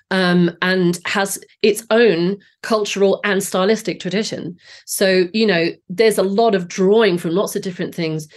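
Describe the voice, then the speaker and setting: A woman in her late forties from Southeast England, with the accent to match, is a singing teacher guest on a podcast interview. Her medium-pitched voice has fairly even intonation and a measured pace with hardly any pauses, though it's a bit off today. She explains her ideas enthusiastically, restarting often.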